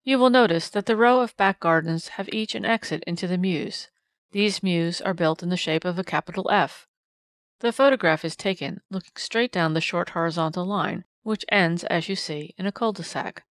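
A woman voicing a quiet, nervous old man calmly recounting a case in a storybook reading. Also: lowish voice, moderate pace, dry recording, studio quality, close to an everyday voice.

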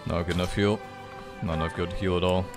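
A man's voice: low voice, steady tone, fairly quick, music in the background. A man giving frustrated, swearing commentary while playing a video game. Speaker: gaming channel host. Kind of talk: let's play commentary.

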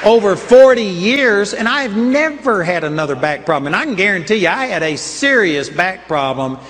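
An older man preaching with a high-pitched voice, earnest and emphatic as he tells personal stories. His words ring with a long hall reverb, which gives the sermon a big, spacious sound. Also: big pitch swings, normal speed, a crowd in the background, noisy background.

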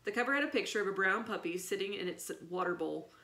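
A woman's voice: mid-range voice, fast. Woman reading a children's book aloud. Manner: expressive, storytelling. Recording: echoey room.

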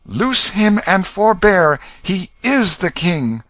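A man voicing a pauper boy crowned as mock king, crying out in a high, ringing voice in an audiobook reading. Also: very animated, takes it slowly, a bit bright, dry recording, heavily acted. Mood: urgent, commanding.

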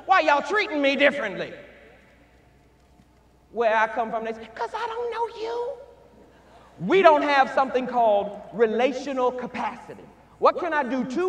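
A man giving a motivational keynote speech, calling out to the crowd and swinging between shouts and hushed tones. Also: extremely high pitch. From Houston, Texas. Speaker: keynote speaker. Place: large hall. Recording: echoey hall with long reverb.

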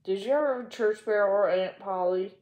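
A woman's voice: medium pitch, normal speed, a little mellow, dull audio, close to an everyday voice. A woman voicing a cheerful, eager young girl who gushes as she talks. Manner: bubbly, gushing. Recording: echoey room.

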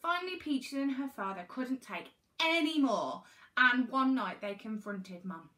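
An English woman, a primary school teacher, reading a storybook aloud to young children with animated expression. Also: on the high side, unhurried.

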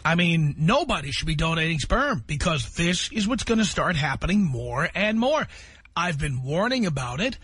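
A man's voice: on the high side, very animated, normal speed, fairly bright tone, slightly rough, no room sound. A man hosting a call-in radio show, talking in a blunt, opinionated, lecturing way. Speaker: radio talk show host.

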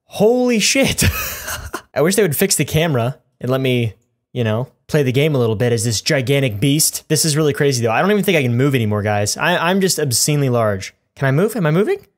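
A man's voice: medium pitch, big pitch swings, brisk. Male let's-play host, goofy and rambling, cracks crude jokes at the audience. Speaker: gaming YouTuber.

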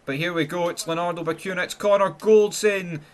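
A man with a Scottish accent giving live, foul-mouthed gameplay commentary, swinging between excited yelling and glum muttering. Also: high voice, fairly quick. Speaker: gaming channel host.

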